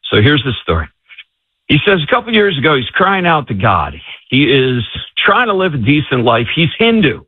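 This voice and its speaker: A man, an author and guest, telling stories in an animated way and acting out the voices of people he quotes. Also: a little high, normal speed, husky, no room sound. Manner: excitable, acts out quoted voices. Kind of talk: animated storytelling. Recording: tinny phone-like line, dry.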